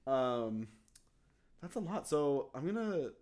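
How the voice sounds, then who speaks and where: A man's voice: mid-range voice, takes it slowly. A young man co-hosting a casual podcast chat, talkative and sarcastic in an offhand way. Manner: chatty and lively, with dry sarcastic asides. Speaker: podcast co-host.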